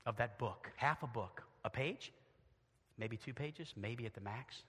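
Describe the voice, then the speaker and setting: A middle-aged man preaching a sermon as pastor in a church, moving from quiet, intimate asides to loud, shouted emphasis. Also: medium pitch, a little slow, slightly rough. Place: church sanctuary. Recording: long church reverb.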